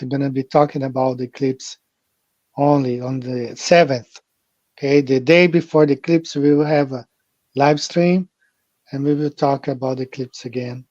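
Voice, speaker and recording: Man host, live-stream chat, unhurried, repetitive, mellow voice, dry muffled audio. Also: a little high, no room sound. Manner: rambling, repeats phrases, addresses viewers directly. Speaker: livestream host. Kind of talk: casual live-stream talk.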